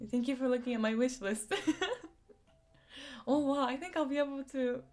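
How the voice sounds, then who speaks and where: A woman's voice: high-pitched, steady tone, moderate pace, long pauses, darkish tone, faint music behind. A young woman hosting a casual live stream, chatting and giggling as she answers viewers' comments with lots of "like" and "um". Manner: giggly, chatty, frequent likes and ums.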